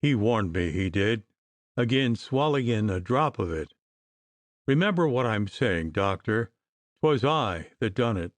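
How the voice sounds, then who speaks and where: A frightened gentleman who blusters and then falters into fearful stammering, as a man reading the story acts him out. His pitch swings widely, and the sound is close and dry. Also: animated, unhurried, no room sound. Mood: mournful.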